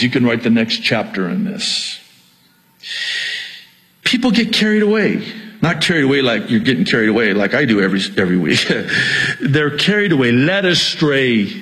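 A man's voice: mid-range voice, a bit bright, low-quality recording. A middle-aged male pastor preaching a sermon, exhorting and repeating his key points, with jokes at his own expense.

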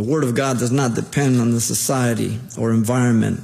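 A man's voice: mid-range voice, fairly even intonation, fairly quick, gravelly, hardly any pauses, mellow. A man, a pastor, preaching a sermon with emphatic, rising exhortations. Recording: long hall reverb.

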